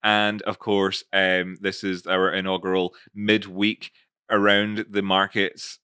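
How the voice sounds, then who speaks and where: A man's voice: low voice, level tone, slow, sharp tone, clean tone, no room sound, studio quality. A man hosting his own show in a casual, playful way, often laughing. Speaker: host. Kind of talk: casual chat.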